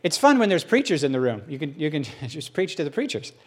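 A man's voice: a little high, sing-song, brisk. A male pastor preaching a conversational sermon with self-deprecating humor.

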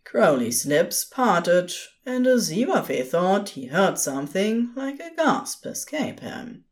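Gentle, slow female podfic narrator. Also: mid-range voice. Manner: gentle, expressive storytelling.

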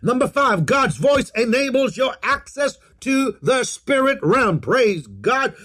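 A man's voice: extremely high pitch, very animated, slow, sharp tone. A man preaching a sermon, leading the congregation in call-and-response, drawing out phrases and repeating declarations with emphasis.

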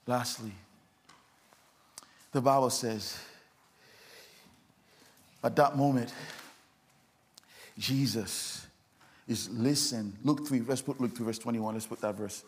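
A man's voice: mid-range voice, measured pace, pauses often, breathy edge. A man preaching a sermon as pastor, repeating insistent questions to the congregation.

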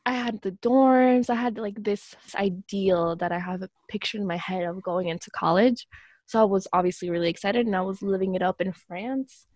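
A woman's voice: medium pitch, fairly even intonation, normal speed, darkish tone, no room sound, studio quality. A young woman in a casual chat, speaking in an earnest, reflective way.

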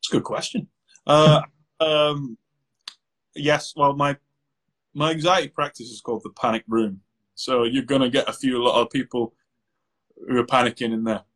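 A man, an anxiety therapist, answering interview questions in a lively, conversational way and acting out exchanges with clients. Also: mid-range voice, moderate pace, long pauses, poor audio. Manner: animated, acts out client exchanges.

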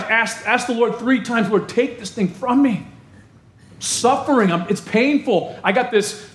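A man's voice: high voice, echoey room. A man preaching a sermon as pastor, emphatic and repeating phrases for effect.

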